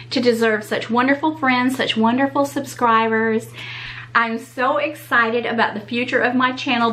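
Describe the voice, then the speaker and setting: Woman vlogger, higher voice, effusive delighted chatter to camera, faint background hum. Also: sharp tone, rough recording. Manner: gushing, exclaims often in delight; talks straight to viewers. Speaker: YouTube channel host. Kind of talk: casual unboxing vlog.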